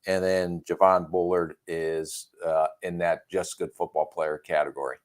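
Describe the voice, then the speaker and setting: A man's voice: low voice, little pitch movement, measured pace. A man co-hosting a podcast, giving plainspoken views with dry humor. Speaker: podcast co-host, former NFL executive. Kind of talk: casual sports chat.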